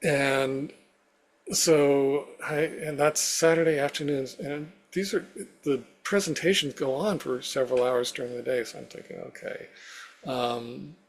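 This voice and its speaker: A man's voice: medium pitch, a little slow. A man as an interview guest, telling a personal story step by step with many "you know" fillers.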